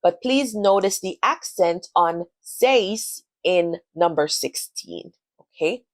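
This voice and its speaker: A woman's voice: fairly low pitch, lively intonation, takes it slowly, no echo. A woman teaching a beginner Spanish lesson, spelling words out letter by letter and modeling pronunciation for the listener to repeat. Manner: switches between English and Spanish, modeling pronunciation. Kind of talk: scripted language lesson.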